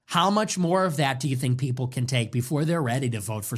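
A young man hosting his own show, delivering a heated political monologue with strings of rhetorical questions and some swearing. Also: medium pitch. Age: young adult. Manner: ranting, rapid-fire rhetorical questions, profane. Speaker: show host.

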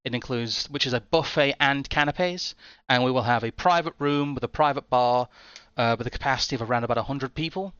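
A male host with a bright, crisp voice, talking in a chatty, rambling way. The sound is dry but somewhat dull and muffled, as if through a modest mic. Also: medium pitch, fairly quick, no room sound. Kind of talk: casual interview hosting.

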